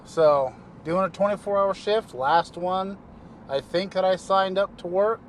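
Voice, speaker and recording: Here a paramedic speaks casually to the camera while behind the wheel, frequently letting sentences fade into fillers. He has a high voice with a steady tone and a slightly slow pace, and there's a little background noise.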